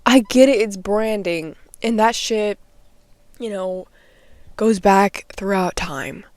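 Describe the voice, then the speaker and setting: A woman's voice: mid-range voice, takes it slowly, a little mellow, dry recording. A young woman vlogging straight to the camera from a small nook at home, ranting in a heated, rambling way and swearing often. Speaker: vlogger and artist. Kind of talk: unscripted morning vlog rant.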